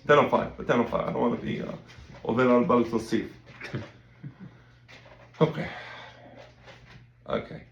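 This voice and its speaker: Gravelly-voiced male rabbi teaching in an echoey room. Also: medium pitch, brisk, long pauses, highs cut off. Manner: conversational, repeats words, quotes in animated voices. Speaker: rabbi teaching a Talmud class. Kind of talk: casual Talmud lesson.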